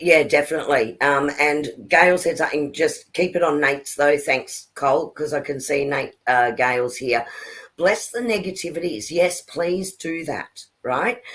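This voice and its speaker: A woman's voice: low voice, a bit bright. A woman co-hosting a live spiritual chat, talking in an earnest, encouraging way and reading out viewer comments. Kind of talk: casual live-stream talk.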